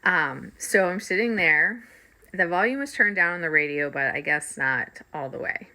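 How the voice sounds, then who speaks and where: A middle-aged woman, a spiritual reader and coach, casually telling her viewers a story, animated and laughing often. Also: on the low side, normal speed.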